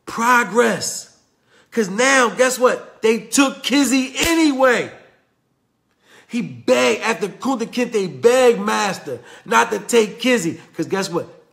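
A Southern US man gives a motivational talk in a high, bright voice. His tone is sharp and tense, and his phrases crackle with gravel. He preaches through a story and swings between booming and hushed. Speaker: motivational speaker.

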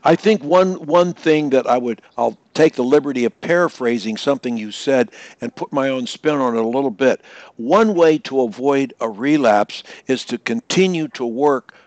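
A man, a speech coach, hosting an interview and talking about voice techniques, moving between his loud voice, soft voice and whisper. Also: mid-range voice, moderate pace, dry recording, muffled recording. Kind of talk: coaching interview over video call.

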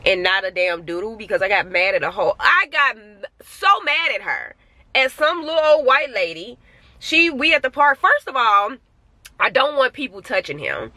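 Animated, ranting woman vlogger outdoors. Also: mid-range voice. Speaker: family vlogger. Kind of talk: casual vlog chat. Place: outdoors at a park.

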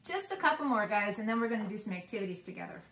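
A woman teaching preschoolers, reading nursery rhymes aloud in a gentle, encouraging way and inviting the children to join in. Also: mid-range voice, expressive, racing, recorded from a distance, a little hiss or hum. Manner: gentle, encouraging, talks to kids as if they were listening. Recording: roomy sound from away from the mic.

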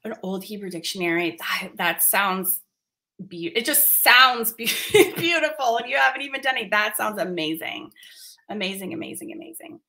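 A woman's voice: mid-range voice, expressive, normal speed, bright, forceful tone. A woman art teacher on a live stream, chatty and emphatic, laughing often and reacting to viewer comments.

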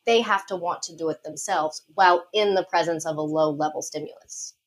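A woman's voice: low-pitched, fairly quick. A woman guest on a podcast interview, a dog behavior consultant explaining things confidently with light laughs.

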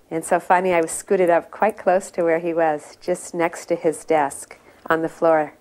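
A middle-aged woman telling an earnest personal story about her past, with many pauses and fillers. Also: fairly low pitch, darkish tone. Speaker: devotee recounting memories. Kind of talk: personal reminiscence.

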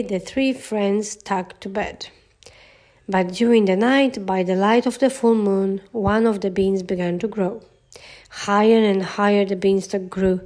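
A woman narrates a children's fairy tale in a gentle, steady storybook voice. Her pitch sits in the middle range for a woman. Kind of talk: children's storybook read-aloud.

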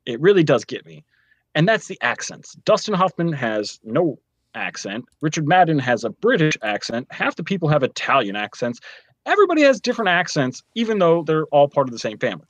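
A man's voice: fairly high pitch, big pitch swings, a little fast, fairly bright tone, no room sound. A man co-hosting a podcast, giving a casual, rambling TV review with lots of fillers. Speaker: podcast co-host reviewing a show.

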